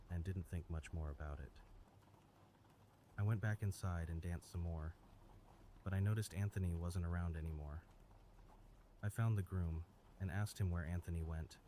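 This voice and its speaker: A man reading scripted first-person horror stories in a steady, measured way. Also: sits low, a little hiss or hum. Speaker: story narrator. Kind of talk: scripted horror story narration.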